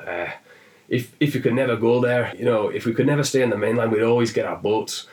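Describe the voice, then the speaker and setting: A man's voice: mid-range voice, brisk, darkish tone, recorded from a distance, natural voice. A man doing a fatherly Scotsman. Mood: advising. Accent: put-on Scottish. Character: old Scotsman in a pub giving advice.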